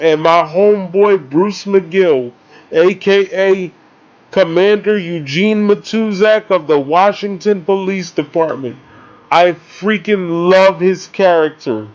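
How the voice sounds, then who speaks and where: A high-voiced man rambles through a movie review at an unhurried pace, excitable and swearing freely. His voice comes through a dull, lo-fi recording. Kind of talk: casual spoken movie review.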